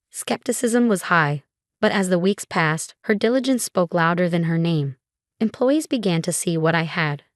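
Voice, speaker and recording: A woman giving calm, measured first-person narration of a scripted story. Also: lowish voice, dry recording, clean studio sound.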